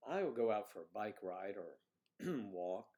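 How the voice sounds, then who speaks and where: A man's voice: lowish voice, big pitch swings, unhurried, dark tone. Chatty man hosting a livestream. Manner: rambling, chatty, reads out viewer comments. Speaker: livestream host. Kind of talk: casual chat with viewers.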